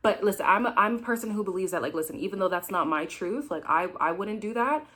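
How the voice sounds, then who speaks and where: Chatty woman recapping a dating show for her viewers, frank and direct, mid-pitched, talks like she's with friends. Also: expressive, quick pace, bright, forceful tone. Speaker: recap host. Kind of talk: casual reaction commentary.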